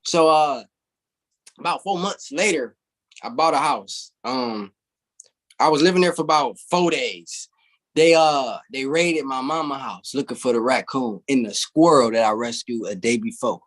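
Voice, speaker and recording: A man's voice: mid-range voice, measured pace, fairly bright tone. A young man, a guest in an interview, telling a long story casually and animatedly, swearing freely and laughing as he goes.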